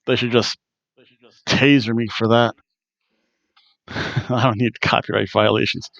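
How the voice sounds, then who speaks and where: A man's voice: medium pitch, fairly even intonation, unhurried, vocal fry, long pauses, a bit bright, highs cut off. A man hosting a wrestling review podcast, chatting casually in a rambling, self-deprecating way. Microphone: headphones on, desk mic.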